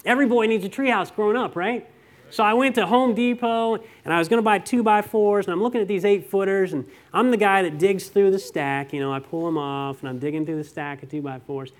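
A middle-aged pastor preaching a conversational sermon, telling stories and asking rhetorical questions. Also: male voice, high-pitched, fairly quick.

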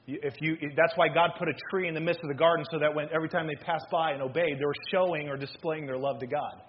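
A man preaching an animated sermon as pastor, swinging between loud and hushed delivery. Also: a little high, fast, muffled recording.

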